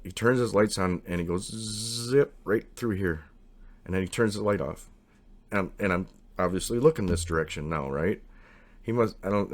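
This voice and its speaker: A man casually telling a long, rambling personal story, acting out what people said. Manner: rambling, animated, acts out quotes with raised pitch.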